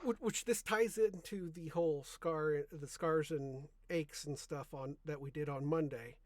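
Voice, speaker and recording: A man's voice: on the high side, unhurried, no echo. A young man hosting a podcast, chatting casually in a rambling way, often correcting himself mid-sentence. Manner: rambling, self-correcting, soft-spoken. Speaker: podcast host. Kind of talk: casual chat.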